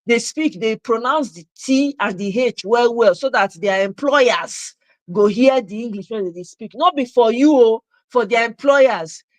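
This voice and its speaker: A Nigerian-accented woman hosts a political talk show, ranting with heat and switching into Pidgin mid-sentence. Her voice sits fairly high for a woman. The sound is close and dry, with no room echo. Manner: passionate ranting, mixing Nigerian Pidgin into English. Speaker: host. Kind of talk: live political commentary show.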